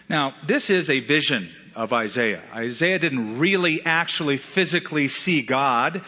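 A man preaching an animated sermon, stressing words through repetition. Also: mid-range voice, a little slow, hardly any pauses, big-room sound, highs cut off. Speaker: pastor.

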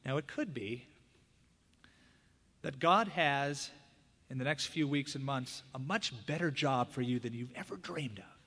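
A man's voice: a little slow, pauses often. Man preaching a sermon in a reverberant hall. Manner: conversational preaching, acting out quoted prayers and dialogue; big swings from loud emphatic peaks to hushed low asides. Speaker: pastor.

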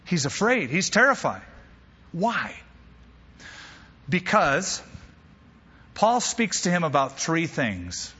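A male pastor preaching a sermon, an animated storyteller who drops humorous asides. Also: fairly high pitch, takes it slowly, pauses often, slightly rough, in a large hall, muffled recording.

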